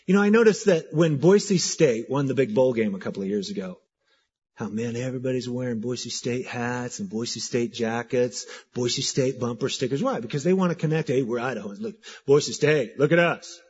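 A man preaching a sermon as pastor, talking in an animated, conversational way and repeating words for emphasis. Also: mid-range voice, moderate pace, breathy edge, dull audio.

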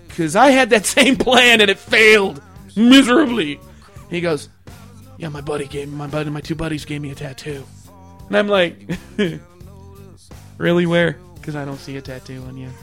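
Guy on a podcast telling crude family stories, high voice, laughs a lot, bit of music behind. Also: normal speed, fairly bright tone. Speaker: podcast host. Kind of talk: casual storytelling chat.

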